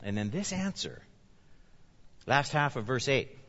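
A man pastor preaching a sermon, with animated emphasis that rises and falls as he explains scripture. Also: medium pitch, measured pace. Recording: reverberant hall, dull lo-fi sound.

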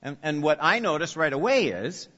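Bright-voiced man preaching in a reverberant hall. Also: a little high, big pitch swings, normal speed. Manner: emphatic, repeats key phrases, questions the audience. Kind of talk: expository sermon. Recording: long reverb, dull lo-fi sound.

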